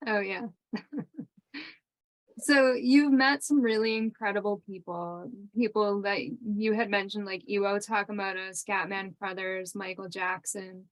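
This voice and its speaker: A woman host interviewing a guest, asking questions in a soft, friendly way. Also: medium pitch, fairly even intonation, measured pace, dry recording.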